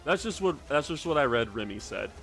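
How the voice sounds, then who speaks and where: A man's voice: medium pitch, sing-song, fairly quick, a bit bright, faint music behind. A man streaming casually from his hobby room, rambling, swearing now and then and reading out chat messages.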